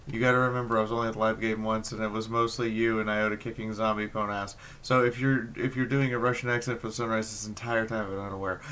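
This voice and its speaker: Excitable man chatting on stream. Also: on the low side, quick pace, hardly any pauses. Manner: excitable, swearing, bursts of loud outcry. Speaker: host. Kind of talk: casual group chat on stream. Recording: faint background noise.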